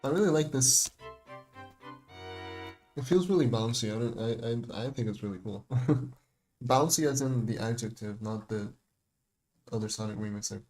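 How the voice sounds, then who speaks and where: A man's voice: mid-range voice, normal speed, pauses often, a little mellow. A young man talks loosely on a livestream, picking apart his own music track. He rambles, restarts sentences and laughs often, in an ordinary mid-range voice. Music plays faintly beneath him. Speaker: music producer streaming a breakdown of his remix. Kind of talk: casual livestream commentary.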